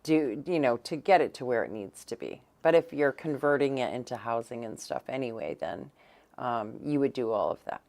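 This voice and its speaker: A woman's voice: rumbling low, animated, moderate pace, creaky, darkish tone. A woman co-hosting a casual local news chat, rambling with many fillers and restarts in a blunt, teasing way. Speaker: co-host.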